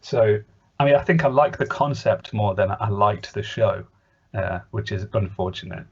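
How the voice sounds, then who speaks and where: Low husky man in a dull lo-fi recording. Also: normal speed. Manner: rambling, hesitant, lots of fillers and restarts. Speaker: podcast co-host. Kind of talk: casual chat reviewing a cartoon. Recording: dull lo-fi podcast audio.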